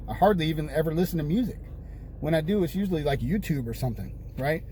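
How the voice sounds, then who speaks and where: A man vents to the camera in a loose, rambling monologue, repeating himself as his exasperation builds. His voice sits a little high but sounds mellow and soft-edged. Faint traffic from passing buses drifts in through the windows. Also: expressive, fast talker. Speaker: vlogger. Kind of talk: casual venting monologue. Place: room with windows open near a street. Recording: faint street noise.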